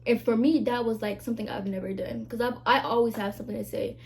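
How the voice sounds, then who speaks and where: A young woman vlogger with a fairly high, steady, slightly mellow voice talks quickly and emphatically to her camera, with a little background noise. It's a casual confessional chat, full of "like" and "y'all" asides to her viewers.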